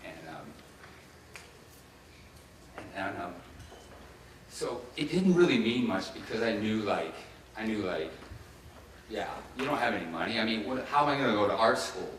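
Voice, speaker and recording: A man in his fifties from Ohio tells his life story in a keynote speech, casual and halting, with many fillers and restarts. His voice is on the low side, sing-song and a bit bright. The mic is distant, placing him some way off in a very echoey hall with faint noise behind him.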